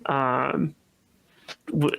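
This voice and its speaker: A man's voice: medium pitch, little pitch movement, extremely slow, creaky, narrow, tinny audio. A man in his thirties co-hosting a casual podcast chat in a self-deprecating, mock-whiny way. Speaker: podcast co-host.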